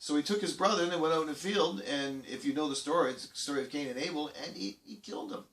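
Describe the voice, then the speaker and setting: A man's voice: fairly high pitch, quick pace. Rambling man, echoey distant sound. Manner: rambling, with many restarts and fillers; acts out quoted voices loudly. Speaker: children's program host. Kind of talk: casual talk to children.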